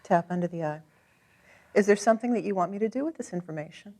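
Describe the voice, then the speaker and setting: A woman with a mid-range voice leads a client through a tapping session. She speaks calmly and gives gentle, encouraging directions. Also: medium pitch, fast. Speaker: tapping practitioner.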